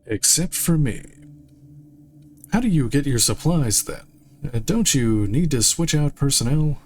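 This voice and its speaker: A man's voice: medium pitch, lively intonation, unhurried, a little mellow, slight background noise. A man streaming a video game, reading dialogue options aloud with dry, jokey asides at a desk microphone. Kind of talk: casual gameplay commentary.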